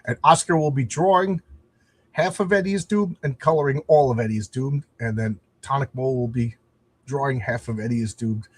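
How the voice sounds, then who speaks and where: Male livestream host, husky, rambling and self-deprecating, casual chat. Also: medium pitch, fairly quick. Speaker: comic book creator and livestream host.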